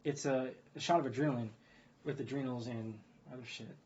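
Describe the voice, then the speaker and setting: A man's voice: mid-range voice, steady tone, a little fast, darkish tone, dull audio, a little hiss or hum. A man ranting about the news, swearing freely and asking rhetorical questions as he repeats his points. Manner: profane, repetitive, rhetorical "guess what" questions. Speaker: video blogger.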